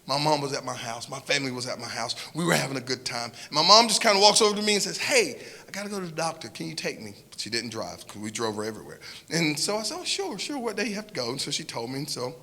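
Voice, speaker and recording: Speaking in a large hall, a man with a Southern US accent and a fairly high voice earnestly tells an audience a personal story. He often repeats and restarts phrases and shifts between hushed and loud.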